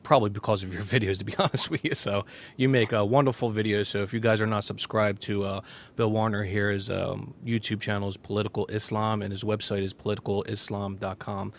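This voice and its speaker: A man's voice: fairly low pitch, flat delivery, quick pace, slight background noise. A young man hosting an interview, asking questions hesitantly with many fillers. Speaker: interviewer, podcast host. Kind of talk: casual interview.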